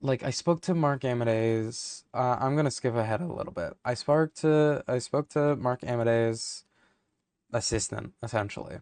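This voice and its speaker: A man's voice: medium pitch, moderate pace, a little mellow, clean tone, no echo. A young man vlogging to camera, ranting heatedly and rambling, with many fillers and swearing.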